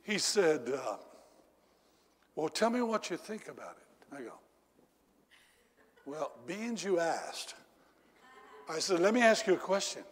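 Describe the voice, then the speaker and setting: A middle-aged male preacher telling a story in a sermon, swinging from loud exclamations down to low confiding tones. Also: sing-song, slow, pauses often, noisy background. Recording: echoey hall reverb.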